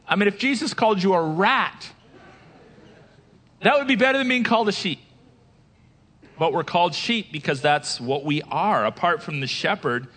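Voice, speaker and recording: A male pastor preaches with a notably high voice. He talks in an animated way, putting questions to the congregation and breaking into quoted voices. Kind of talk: sermon.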